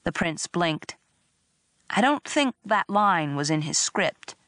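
A woman reading a first-person story aloud in a wry, expressive narration. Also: on the low side, takes it slowly, dry recording, studio quality. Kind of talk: audiobook narration.

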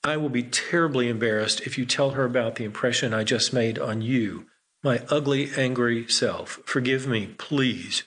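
Older gentleman, proud and touchy, clipped hurried delivery, voiced by a male narrator. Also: mid-range voice, close to an everyday voice. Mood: shaken, polite. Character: elderly proud bilingual man, courtly but quick to rage.

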